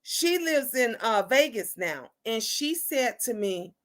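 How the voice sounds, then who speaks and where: A middle-aged woman hosts a casual livestream chat with viewers, blunt and animated, frequently tacking "okay?" onto her points. Her voice is a little high and sing-song, at a slow pace.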